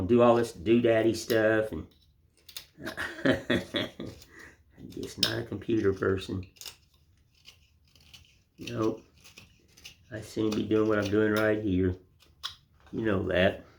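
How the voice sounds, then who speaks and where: A man's voice: lowish voice, a little hiss or hum. An older man giving a casual, rambling woodcarving lesson in a folksy, self-deprecating way. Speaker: woodcarving instructor. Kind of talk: casual hands-on demonstration.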